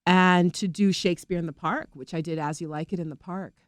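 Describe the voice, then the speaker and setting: A middle-aged woman, an actress, talking casually in an interview, animated and rambling, often laughing. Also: fairly low pitch, brisk, no echo.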